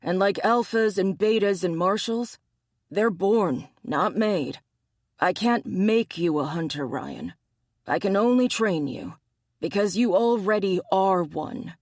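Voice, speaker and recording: Speaking slowly in a high-sitting voice, a male audiobook narrator plays a wry, teasing bear-shifter hunter whose manner is dry and needling. The mood is insistent, and the dry recording has no echo.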